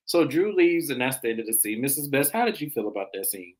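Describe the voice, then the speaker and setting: A woman hosting a casual TV recap, telling the scenes with lively, animated delivery. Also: a bass voice, fast talker, a little hiss or hum. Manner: animated storyteller, acts out the people she describes. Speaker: recap show host.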